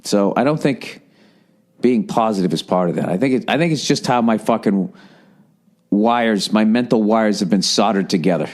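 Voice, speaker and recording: A man's voice: fairly low pitch, normal speed, a little mellow. Profane, rambling man. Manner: profane, exasperated rambling with frequent self-interruptions; slips into mocking put-on voices. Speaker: podcast host. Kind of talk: casual solo monologue.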